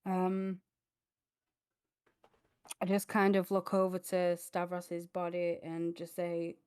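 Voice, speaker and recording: A woman's voice: on the low side, monotone, slow pace, a little mellow, smooth, no room sound, studio quality. A woman playing a tabletop game, talking casually and hesitantly with many fillers. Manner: hesitant, lots of fillers, giggly. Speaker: player.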